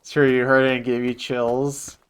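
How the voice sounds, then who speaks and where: Male game streamer, playful and chatty, clear tone. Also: medium pitch, level tone, unhurried. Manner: joking, chatting with viewers. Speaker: livestreamer. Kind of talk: casual gaming livestream chat.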